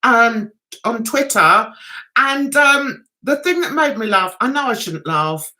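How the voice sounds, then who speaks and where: Giggly, lively woman vlogger. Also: on the high side, takes it slowly. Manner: rambling and giggly, chatting directly to viewers. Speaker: vlogger hosting a livestream. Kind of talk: casual livestream chat.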